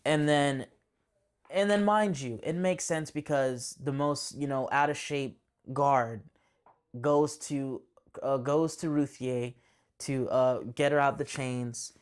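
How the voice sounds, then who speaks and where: A man giving a casual spoken movie review, excitable and rambling, with frequent restarts and slangy asides. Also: mid-range voice, slow, clear, resonant tone.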